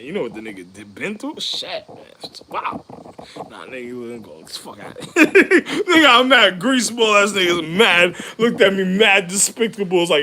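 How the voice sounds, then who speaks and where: A man in a rambling, profane monologue, full of street slang, jumping between loud laughing outbursts and low mutters. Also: sing-song, moderate pace, a little hiss or hum.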